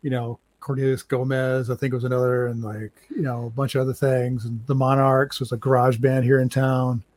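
A man's voice: mid-range voice, a little fast, dry recording. A man who runs a record label, telling stories in a rambling casual chat with many fillers. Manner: rambling, animated, acts out quotes with many fillers.

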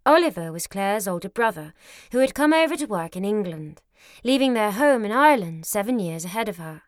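A woman narrating an audiobook in a measured, clear storytelling manner. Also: mid-range voice, no echo, clean studio sound.

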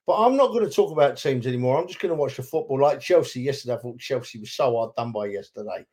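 A man's voice: medium pitch, lively intonation, fast talker, a little mellow. A man co-hosting a football podcast, talking with feeling and repeating himself for emphasis. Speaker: podcast co-host, football fan. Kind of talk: casual chat.

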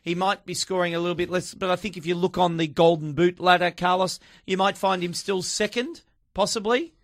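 An argumentative man pushes back on sports radio in a slightly high voice. The studio sound is close and dry. He teases his co-hosts as he makes his case. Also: fairly even intonation, a little fast, vocal fry, dry recording. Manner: argumentative, teasing. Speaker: radio football pundit.

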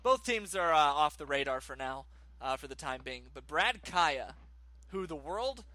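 Guy on a sports podcast, kinda high bright voice, fired-up hot takes. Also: normal speed, no echo. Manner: animated, ranting opinions. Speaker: podcast co-host. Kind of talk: casual sports chat.

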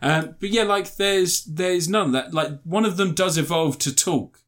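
A man's voice: fairly high pitch, a little slow, a bit bright. A man chatting casually about a film, rambling and swearing, doing mocking impressions.

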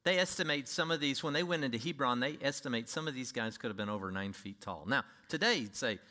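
A man preaching a sermon to his congregation, emphatic, with sudden swings between loud and quiet delivery. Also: mid-range voice, fast. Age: older. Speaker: pastor.

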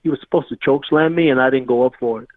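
A man's voice: medium pitch, fast talker. Rambling storyteller man on a tinny phone line. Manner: rambling, says "you know what I mean" often. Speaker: guest. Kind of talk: casual storytelling.

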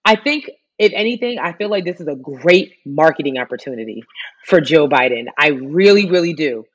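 A woman with a deep, breathy, animated voice speaks at a moderate pace on dull lo-fi audio. Co-hosting a casual podcast, she chats about the news with lots of "like"s, fillers, and restarts.

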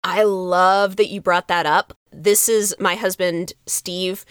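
A woman pastor co-hosting a podcast, chatting in an animated way, laughing easily and acting out quotes. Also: lowish voice, takes it slowly, clear, resonant tone, dry recording, studio quality. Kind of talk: casual chat.

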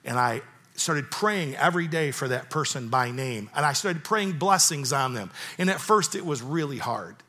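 A man's voice: mid-range voice, expressive, moderate pace, sharp tone. A man in his fifties preaching a sermon, telling a personal story with earnest emphasis and repeating key phrases. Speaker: pastor.

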